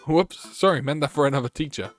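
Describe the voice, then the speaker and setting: A man's voice: on the high side, fast talker, close to an everyday voice. A man voicing a friendly teacher and dad whose text messages are read aloud from a game. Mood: joking.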